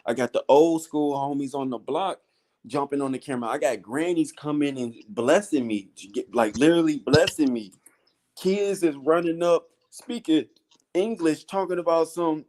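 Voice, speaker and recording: A man on a podcast casually telling a story in slang, calling his listeners "bro". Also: normal speed. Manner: animated storytelling with slang, often acting out high-pitched voices. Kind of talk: casual chat.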